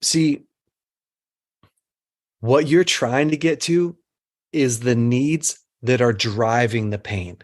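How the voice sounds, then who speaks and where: A middle-aged man giving an earnest teaching talk to a group, mixing instruction with a personal story and repeating phrases for emphasis. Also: mid-range voice.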